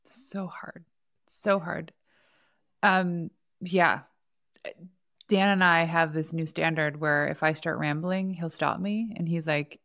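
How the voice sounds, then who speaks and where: A chatty woman host with a lowish voice tells stories and laughs often. The recording is dry and close. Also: fairly even intonation, slow pace, fairly bright tone, dry recording. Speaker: podcast host. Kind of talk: casual conversation.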